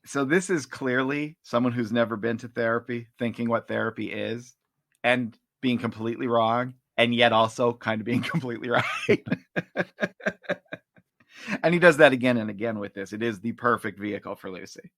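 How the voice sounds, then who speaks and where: A man co-hosting a podcast, chatting casually, laughing often and describing comic strips out loud. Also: on the low side, moderate pace, creaky, faint music behind. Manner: laughs often, animated when reading. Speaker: podcast co-host. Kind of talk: casual chat, reading comic strips aloud.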